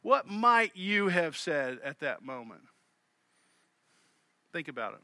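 A man with a Southern US accent preaching a sermon as pastor, swinging between loud emphasis and hushed asides. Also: a little high, very animated, slow, no room sound.

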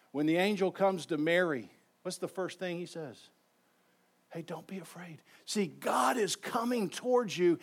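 A man delivers a sermon from the pulpit of a church. His voice sits somewhat high for a man, and he drops to near hushes before rising to emphatic declarations. He draws his congregation in, asking them to repeat lines with him. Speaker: pastor. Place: church sanctuary.

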